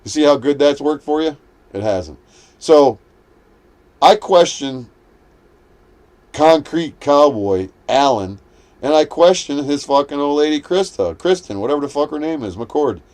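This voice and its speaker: A man's voice: a little high, animated, a little slow, long pauses, a little mellow. A man hosting a livestream, ranting in a heated, profane, combative way. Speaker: livestream host. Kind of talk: livestream rant.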